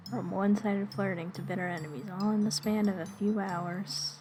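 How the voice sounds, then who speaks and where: A woman's voice: mid-range voice, fairly even intonation, normal speed. A young woman streamer reading a visual novel's text aloud and dropping casual asides between the lines. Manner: reads game dialogue aloud, breaking off for offhand asides. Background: game music.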